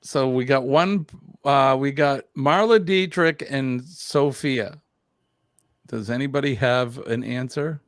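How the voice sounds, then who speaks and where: A man's voice: mid-range voice, slow pace, no room sound, clean studio sound. An older man hosting a casual live stream, chatting and reading viewer comments aloud with lots of fillers.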